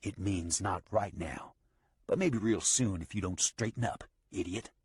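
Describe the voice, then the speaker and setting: A man voicing a big, gruff outlaw who bullies and taunts, snarling his lines in an audiobook. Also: low voice, unhurried, dry recording, studio quality. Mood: taunting.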